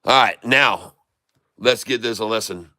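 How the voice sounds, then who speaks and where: A man's voice: on the low side, measured pace, pushed and bright, dry recording. A man hosting a casual live stock video, folksy and muttering to himself as he works his computer. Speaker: stock market video host.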